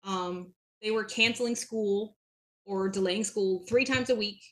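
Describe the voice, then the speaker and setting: A chatty young woman from New Hampshire is a guest in a casual interview. She rambles through her stories with plenty of fillers and quick laughs. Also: medium pitch, a bit bright. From southern New Hampshire.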